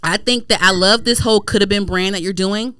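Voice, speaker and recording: A young woman from Maryland co-hosting a podcast, rambling through animated casual chat with lots of fillers. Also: mid-range voice, brisk, smooth, no echo, clean studio sound. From United States, Prince George's County, Maryland. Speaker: podcast co-host.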